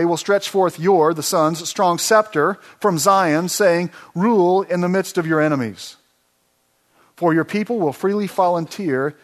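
A man preaching an expository sermon, reading scripture aloud and asking the congregation questions, with frequent "uh" fillers. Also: a little high.

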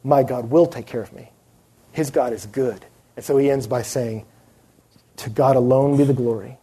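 A young man preaching a sermon, telling a lively story and acting out the people in it. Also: medium pitch, normal speed, breathy edge. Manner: animated storyteller acting out quoted voices.

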